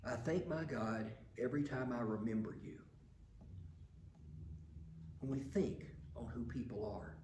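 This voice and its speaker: A man's voice: mid-range voice, unhurried, pauses often, darkish tone, roomy sound, a little hiss or hum. An older man preaching a sermon, telling stories and building to emphatic passages. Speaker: pastor.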